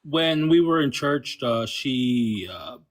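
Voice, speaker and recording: A man's voice: mid-range voice, lively intonation, slow pace. Man, former pastor, guest, hesitant speech full of fillers. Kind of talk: casual chat.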